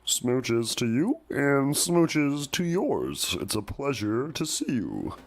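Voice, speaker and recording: A man's voice: medium pitch, big pitch swings, takes it slowly, slight background noise, voice pushed up. A man voicing a crude, grumpy male bullfrog caller who rambles and complains in a comedy call-in bit. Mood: grumbling.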